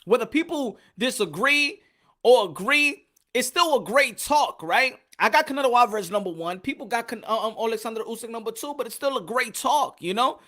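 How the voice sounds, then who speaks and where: A lively man hosts a boxing live stream, talking in loose, repetitive bursts and shouting out names from his chat. His voice has a bright, forceful edge. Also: very high-pitched, fairly quick. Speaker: boxing channel host. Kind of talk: live-stream commentary chatting with viewers.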